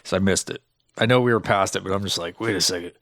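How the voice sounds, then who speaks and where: A man's voice: deep voice, fast, vocal fry, fairly bright tone, no echo. A man co-hosting a casual podcast, mocking a bad movie, swearing a lot and acting out its lines in silly voices. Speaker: podcast co-host. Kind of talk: casual movie review chat.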